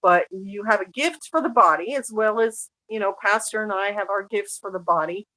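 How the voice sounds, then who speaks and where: A woman's voice: medium pitch, moderate pace, sharp tone, no echo, rough recording. A woman guest in an interview who talks earnestly and searches for words as she goes. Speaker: guest author. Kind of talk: casual conversational interview.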